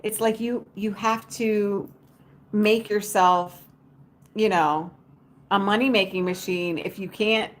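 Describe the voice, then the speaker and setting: A woman's voice: mid-range voice, fairly even intonation, slow pace. A woman chatting casually to her viewers as a vlogger, folksy and talkative, calling them y'all. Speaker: vlogger talking to live viewers. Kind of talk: casual livestream chat.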